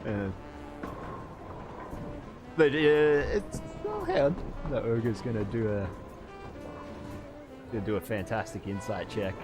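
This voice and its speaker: A man's voice: fairly low pitch, takes it slowly, pauses often, over music. A man running a tabletop game as game master, narrating with frequent laughs. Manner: laughing, animated storyteller.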